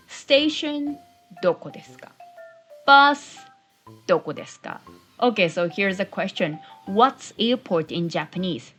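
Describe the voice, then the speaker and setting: A woman teaching travel phrases, modeling them slowly and deliberately in a friendly lesson. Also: lowish voice. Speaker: Japanese language teacher. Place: New Zealand-based channel. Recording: soft background music.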